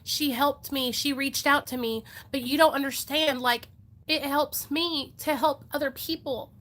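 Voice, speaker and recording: Young woman, recovery vlogger, earnest and chatty, fairly high and bright voice. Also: steady tone, unhurried. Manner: earnest, emotional, chatty with "y'all" and "like". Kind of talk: casual heartfelt talk to viewers.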